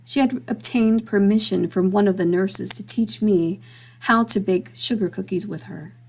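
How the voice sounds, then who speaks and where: A woman reading her own story aloud in a steady, measured storytelling manner. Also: medium pitch, creaky, husky. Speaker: author narrator.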